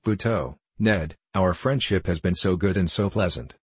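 Guy reading a proud cool young woman, gently scolding, low husky voice. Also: moderate pace, no echo. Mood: reproving.

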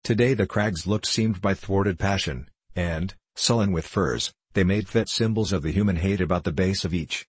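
Man reading a novel out loud, very low husky voice, dry close sound. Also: normal speed, few pauses, no echo. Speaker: audiobook narrator. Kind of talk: scripted narration of a novel.

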